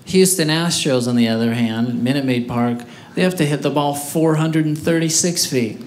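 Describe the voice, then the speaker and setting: A man's voice: a little high, moderate pace, a little hiss or hum. A man doing a matter-of-fact stand-up routine that builds to mock outrage, on a comedy stage. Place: comedy stage before a live audience.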